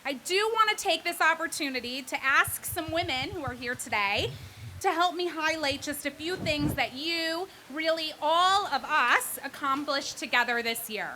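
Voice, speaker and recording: A woman with a high voice speaks from a podium at an outdoor charity event. Her tone is bright and sharp. She talks earnestly and stops for asides and thanks. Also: animated, normal speed, slight background noise. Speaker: president and CEO of the organization. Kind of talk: prepared speech at a charity event.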